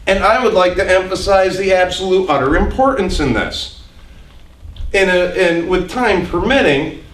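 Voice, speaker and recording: A man giving a public history lecture to an audience, emphatic and halting, with fillers and restarts. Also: on the high side, fairly bright tone. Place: lecture hall before an audience. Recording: echoey room, mic far off.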